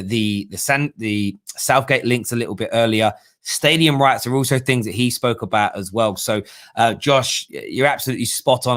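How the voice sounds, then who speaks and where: A man hosting a casual live football stream, slangy and chatty with quick restarts. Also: lowish voice, a bit bright. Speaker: host.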